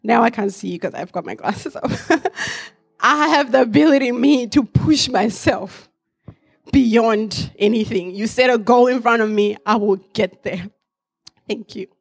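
A woman's voice: a little high, a little slow, creaky, breathy edge. A woman in her forties, raised in Africa, giving an earnest personal testimony to a church congregation, reflective with light laughs.

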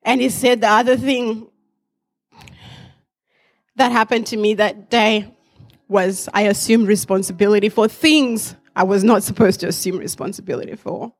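A woman's voice: medium pitch, fairly even intonation, normal speed. A woman in her forties, raised in Africa, giving an earnest personal testimony to a church congregation, reflective with light laughs.

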